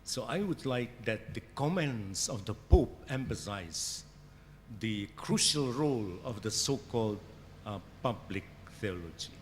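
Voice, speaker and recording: Slow, hesitant Indonesian man in a hall. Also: on the low side, animated, slight background noise. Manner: hesitant, many fillers and restarts. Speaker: conference keynote speaker. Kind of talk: academic lecture. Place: conference hall. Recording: hall reverb with faint ambience.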